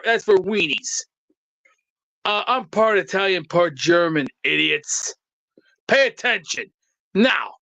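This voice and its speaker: A man's voice: high-pitched, pushed and bright, no echo, highs cut off. A man doing a brash mock tough-guy rant, trash-talking and insulting commenters.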